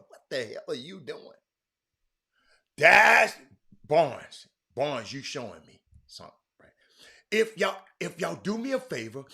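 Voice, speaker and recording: Animated man hosting sports talk. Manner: emphatic, swings from loud outbursts to low asides. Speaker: sports talk show host.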